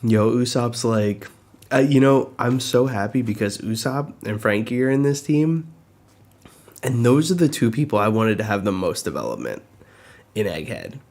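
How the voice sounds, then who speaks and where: A man's voice: mid-range voice, lively intonation, normal speed, darkish tone. A tired, yawning man hosting a live manga reaction, reading scenes aloud and adding his own asides.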